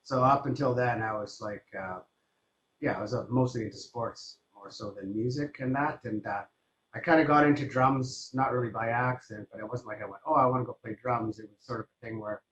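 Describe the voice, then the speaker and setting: A man's voice: mid-range voice, a little fast, fairly bright tone. A man in his fifties, a guest drummer telling his story casually, with many fillers. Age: 50s. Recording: roomy, dull sound, faint noise.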